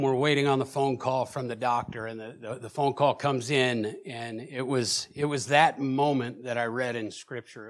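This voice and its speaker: A man preaching in a church, telling his own story with emotion, at times loud and at times hushed, often repeating words as he presses on. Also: medium pitch. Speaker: preacher sharing a personal testimony. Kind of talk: sermon testimony.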